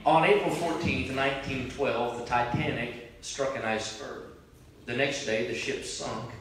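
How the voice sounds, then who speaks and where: A man preaching a sermon as pastor, moving between prayer and loud impassioned cries. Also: medium pitch, steady tone, a little slow, a little hiss or hum. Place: large church sanctuary. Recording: very echoey church from a distant mic.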